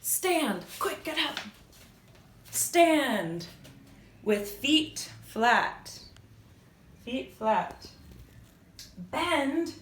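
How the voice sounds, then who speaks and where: A woman's voice: high-pitched, a little hiss or hum. A woman reading a children's picture book aloud and leading simple yoga poses, playful, with animal sounds. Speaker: children's storytime host. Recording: roomy echo.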